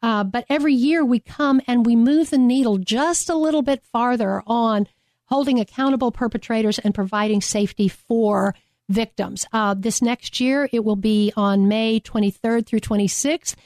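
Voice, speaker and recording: A woman's voice: fairly high pitch, normal speed, darkish tone, dry recording, clean studio sound. A woman guest from a domestic violence agency, speaking passionately and emphatically in a radio interview and repeating her key phrases. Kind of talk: earnest radio interview talk.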